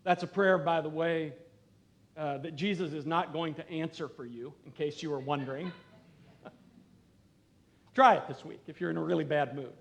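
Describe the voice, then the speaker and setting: A middle-aged man preaching as pastor in a church, talking conversationally and earnestly, dropping to quiet emphasis at times. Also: a little high, moderate pace, vocal fry, long pauses. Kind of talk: sermon. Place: church sanctuary.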